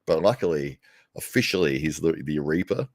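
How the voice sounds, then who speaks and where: Aussie bloke with a real low voice rambling on a livestream, laughs a lot, dry close mic. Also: male voice, animated, normal speed, no echo. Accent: Australian. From Australia. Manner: rambling, laughs often, self-correcting. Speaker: livestream commentary host. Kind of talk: casual chat to live viewers. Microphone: desk microphone, no headphones.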